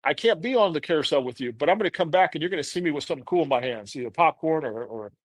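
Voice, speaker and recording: A man's voice: a little high, animated, rapid-fire, dry recording. A man in his thirties, a podcast guest, telling a candid personal story in an earnest, rambling way full of "you know".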